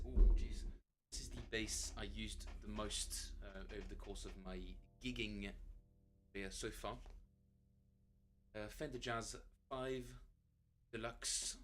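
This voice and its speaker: A middle-aged man, a bassist, chatting casually to viewers on his live practice stream, rambling and correcting himself as he goes. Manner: rambling and self-correcting, chuckling often.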